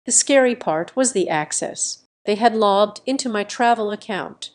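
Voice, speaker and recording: A young adult woman giving a scripted first-person story narration in measured, steady, clipped sentences. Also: mid-range voice.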